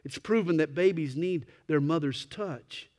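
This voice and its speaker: A male pastor preaching a morning sermon, swelling to loud emphatic peaks and then dropping to soft, slow phrases. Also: a little high.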